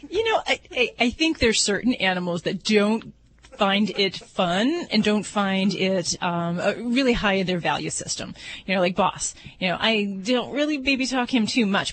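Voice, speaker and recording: A woman veterinarian chatting on a radio talk show with an earnest, eager manner. Her voice sits at an ordinary middle pitch. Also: sing-song, normal speed, fairly bright tone. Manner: enthusiastic, earnest. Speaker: veterinarian guest expert. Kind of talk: radio chat.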